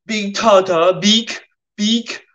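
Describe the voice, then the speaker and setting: British man doing a raised, loud, broken-English Chechen inmate, blunt. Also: sits high, steady tone, far from the mic, lo-fi sound, voice pushed up, full character voice. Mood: blunt complaining. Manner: halting broken English in short chopped phrases.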